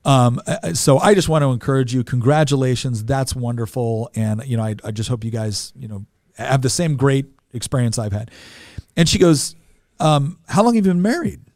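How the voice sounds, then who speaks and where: A man's voice: mid-range voice, moderate pace, a little mellow, dry recording, studio quality. A man in his forties, a podcast guest, telling a personal story in an earnest way, often repeating words as he goes.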